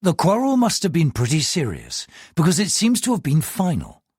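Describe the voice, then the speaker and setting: A man as a measured, secretive police chief. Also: on the high side, wildly swooping pitch, darkish tone, breathy edge, dry recording, clean studio sound, pitched above the performer's own voice, exaggerated voice. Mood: deferential. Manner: measured, deferential reporting. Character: cautious male police chief, calm, secretive.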